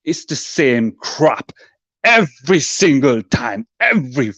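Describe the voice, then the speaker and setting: A man's voice: medium pitch, big pitch swings, slow, background noise. A man calling in to a fan show, ranting angrily and swearing in exasperation. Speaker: caller. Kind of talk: angry fan rant on a call-in. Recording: slightly dull call-in audio.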